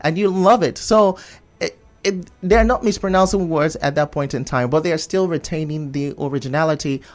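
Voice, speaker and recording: A man's voice: a little high, normal speed. A man, a studio guest on a radio talk show, confidently explaining and arguing his view. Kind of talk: live radio discussion.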